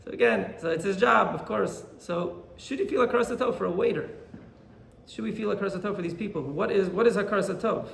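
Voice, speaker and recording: A man, a rabbi, teaching a Torah class as an animated storyteller who acts out the characters in his stories. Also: sits high, fast talker, gravelly, echoey room, a little hiss or hum.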